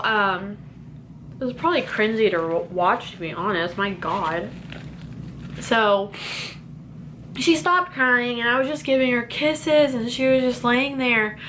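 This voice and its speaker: A woman's voice: on the high side, fairly bright tone, a little hiss or hum. Emotional young woman telling her birth story. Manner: emotional, rambling with many fillers and restarts. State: teary, close to crying. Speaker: vlogger. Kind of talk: casual personal storytelling.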